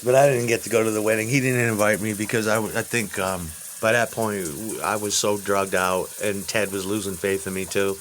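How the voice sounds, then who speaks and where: A man in his fifties telling rambling personal stories, profane and halting, with restarts. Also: fairly low pitch, fairly even intonation, a bit bright, slight background noise. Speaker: interviewee.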